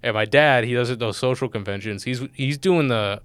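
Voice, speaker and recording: A young man from Illinois telling a profane, animated story in casual podcast chat. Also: medium pitch, normal speed, clean tone, no echo. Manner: animated, profane, acts out voices in anecdotes.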